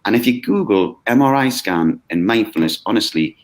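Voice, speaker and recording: A man who runs a mindfulness course talks in a lively, conversational way, acting out quoted voices and checking in with "okay?". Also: fairly low pitch, moderate pace. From United Kingdom. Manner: animated, acts out quoted voices, frequent "okay?". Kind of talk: conversational explanation. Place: video call.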